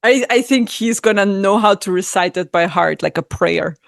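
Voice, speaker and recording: A woman in her thirties telling a personal story in casual conversation, blunt and animated, swearing often and acting out the people she quotes. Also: normal speed, gravelly. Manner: acts out quoted voices with big pitch jumps. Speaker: guest. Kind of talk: casual chat.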